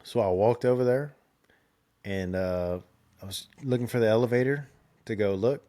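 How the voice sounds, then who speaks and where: A man's voice: on the low side, normal speed, dark tone. Young man, casual podcast host, loose rambling delivery with frequent laughs. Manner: rambling, laid-back, laughs often, restarts. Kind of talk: casual storytelling chat.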